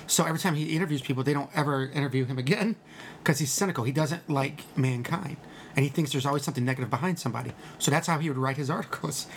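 This man's voice runs on the high side and moves fast as he tells his podcast partner about a movie. It's loose, laughing talk full of acted-out quotes, with a little background noise.

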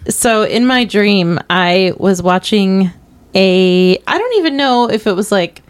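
A woman's voice: mid-range voice, lively intonation, slow pace, clear, resonant tone. A woman co-hosting a movie review podcast, chatting casually and laughing often. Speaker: podcast co-host.

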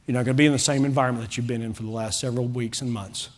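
A man preaching a sermon to his congregation as pastor, fervent and rising to loud pleading calls. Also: mid-range voice, fairly even intonation, rapid-fire. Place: church sanctuary with a congregation.

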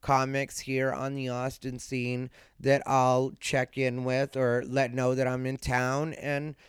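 A drowsy man hosting a solo podcast late at night, thinking aloud in an easygoing, rambling way. His voice is very clean and smooth, with a slight lisp. The sound is close and dry, with no room echo. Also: mid-range voice, monotone, slow pace. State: sleepy, yawning late at night. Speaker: podcast host and comedian. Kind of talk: casual solo podcast monologue. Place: dark room at home, lying beside his dog.

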